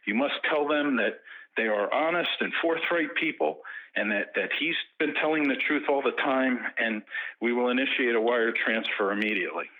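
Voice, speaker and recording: A man's voice: medium pitch, moderate pace, close to an everyday voice. A man voicing a formal male interpreter who urgently pleads with the people on a call, heard over a phone line. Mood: urgent pleading.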